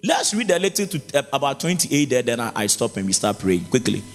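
A man's voice: mid-range voice, very animated, a little fast. A man preaching a sermon as pastor, mixing Twi and English with sing-song rises. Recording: long reverb of a large hall.

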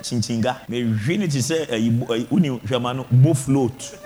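A male pastor preaching a healing sermon, shouting fervent declarations over the congregation. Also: medium pitch, moderate pace, a little hiss or hum.

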